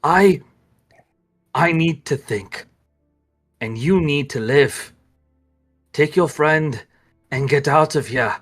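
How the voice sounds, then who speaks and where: A man voicing a grim male dark-order warrior who speaks in measured threats. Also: on the high side, soft background music. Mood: conflicted.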